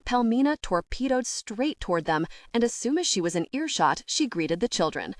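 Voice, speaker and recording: Woman audiobook narrator, wry, lively pitch, dry close recording. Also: moderate pace, no room sound. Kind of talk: scripted narration.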